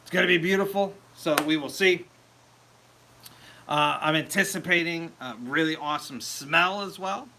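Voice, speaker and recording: Chatty male livestream host, bright tense voice, slightly high, laughs at his own jokes. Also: normal speed, a little hiss or hum. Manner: chatty, laughs at himself, reads viewer comments aloud. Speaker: home mead maker hosting a livestream. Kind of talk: casual livestream chat. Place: home meadery.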